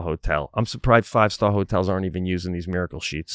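Man, co-host, animated storyteller, dry close sound. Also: deep voice, fast, few pauses, clean tone, dry recording. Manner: animated storyteller, puts on voices, swears. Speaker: podcast co-host. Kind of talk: casual comedic chat. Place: home studio. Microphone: studio mic.

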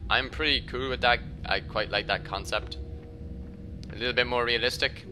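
A young man giving casual gameplay commentary as a let's play host, joking, swearing often and reacting loudly when startled. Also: medium pitch, steady tone, moderate pace, background noise. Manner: jokey, swears a lot, loud startled reactions.

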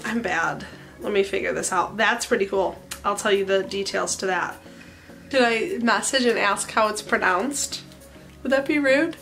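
A woman's voice: mid-range voice, normal speed, vocal fry, fairly bright tone, soft background music. A woman in her twenties, a hairstylist chatting casually in a bubbly, self-mocking way for a vlog. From Central Illinois. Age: 20s.

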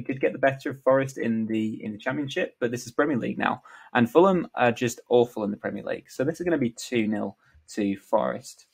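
A man's voice: medium pitch, low-quality recording. A male vlogger talking casually through sports predictions, offhand and joking, with lots of "um" and "uh". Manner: offhand, joking, many fillers.

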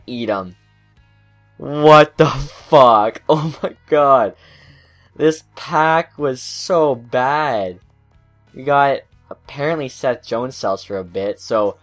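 A man's voice: medium pitch, smooth. A young man hosting a gaming video, commenting on pack openings, getting hyped and then cursing his bad luck. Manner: excitable, swearing, groaning at bad luck. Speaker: gaming channel host.

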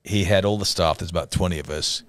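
A man in his sixties with an Australian accent, a pastor co-hosting a show, telling a long funny story in a casual, animated way and often laughing. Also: deep voice, fast talker, no echo.

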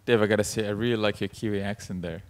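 A man asking questions as the moderator of a festival panel, in a measured way. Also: fairly low pitch, fairly even intonation, background noise. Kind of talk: panel discussion. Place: festival stage.

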